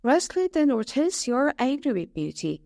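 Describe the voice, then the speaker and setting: A woman narrates a storybook for English learners, slow and clear. Her fairly high voice moves a lot in pitch, and the sound is dry and close. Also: no echo. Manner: slow, clear, expressive reading.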